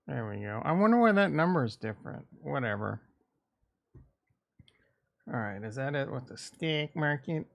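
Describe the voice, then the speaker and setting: This crypto and stock market streamer from the American Midwest rambles irreverently while he thinks aloud in a casual livestream. His medium-pitched voice is gravelly and animated, moving at a moderate pace with frequent pauses.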